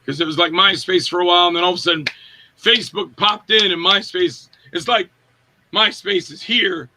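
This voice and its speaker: Animated, bright-voiced male actor. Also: sits high, moderate pace. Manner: animated, acts out quotes in voices. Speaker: actor, interview guest. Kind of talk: casual storytelling interview.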